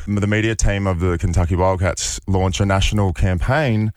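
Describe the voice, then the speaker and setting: A young Australian man chatting casually as a guest in a radio interview, relaxed and rambling. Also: sits low, fairly quick, few pauses, no room sound, clean studio sound. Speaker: guest athlete.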